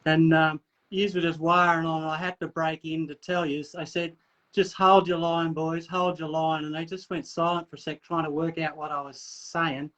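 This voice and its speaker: A man's voice: a little high, little pitch movement, normal speed, fairly bright tone. A man joining a casual online chat, telling a riding story in an easygoing, laconic way. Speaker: caller. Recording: lo-fi video call audio.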